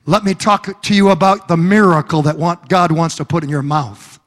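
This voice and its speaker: A man's voice: fairly high pitch, normal speed, big-room sound. A male preacher delivering a fervent, rhythmic sermon in church.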